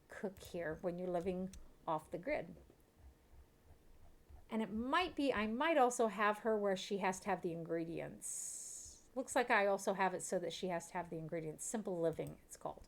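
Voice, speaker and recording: A woman from Kentucky, chatting casually and giggling as she streams a life-sim game. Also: medium pitch. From Kentucky, USA. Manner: chatty, giggly, talks to her chat.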